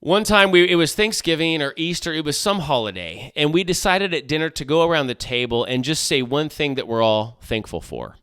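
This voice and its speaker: A man's voice: fairly high pitch, lively intonation, fairly quick, few pauses, fairly bright tone, smooth, no echo. A middle-aged man hosting his own podcast, chatting casually with lots of jokey asides and restarts, close on the mic. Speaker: podcast host. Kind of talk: solo casual podcast chat.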